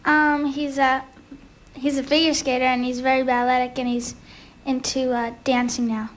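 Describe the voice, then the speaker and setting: A woman's voice: sits high, level tone, moderate pace. A young woman contestant on a game show, giving short, plain answers. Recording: noisy old TV broadcast.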